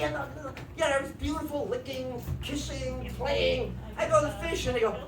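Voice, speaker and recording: A man's voice: very high-pitched, moderate pace, few pauses, a crowd in the background. A middle-aged man doing stand-up on a comedy club stage, telling a story and acting out his family's voices. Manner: animated, acts out family voices, shouts punchlines. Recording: echoey club from a distance with noise.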